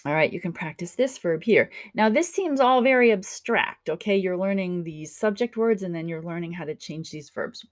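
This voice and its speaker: A woman's voice: lowish voice, lively intonation, moderate pace, few pauses, no echo, clean studio sound. A woman teaching a German grammar lesson over slides, chatty and encouraging, checking in often with her students. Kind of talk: classroom lecture over slides.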